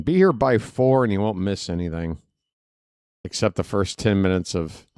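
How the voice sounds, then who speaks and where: A man calling live baseball play-by-play for fans, excitable and jokey, talking straight to his listeners. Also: fairly low pitch, dry recording, studio quality. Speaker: fan play-by-play commentator.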